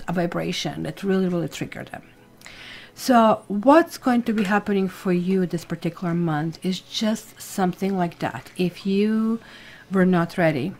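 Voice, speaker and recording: A woman's voice: lowish voice, darkish tone. Chatty woman giving a tarot reading. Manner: chatty, rambling with asides and self-corrections; talks straight to the viewer. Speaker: tarot reader. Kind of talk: casual astrology reading to camera.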